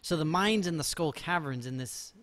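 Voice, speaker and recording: A man chats through a live game stream in a rambling, easygoing way. His voice sits a little on the high side. He drifts between topics and pokes fun at himself. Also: expressive, normal speed, a bit bright. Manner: rambling, chatty, self-mocking jokes. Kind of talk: casual live-stream commentary.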